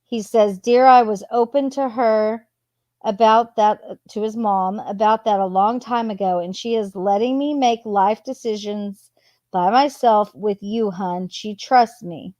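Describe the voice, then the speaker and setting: Lady reading texts out loud real slow, dropping in casual little asides. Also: mid-range voice, no echo. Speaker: channel host. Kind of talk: reading text messages aloud with commentary.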